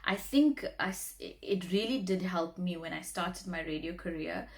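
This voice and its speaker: A woman's voice: fairly low pitch, normal speed. A woman, a former radio talk show host, giving earnest, encouraging advice in a motivational vlog, often repeating words for emphasis.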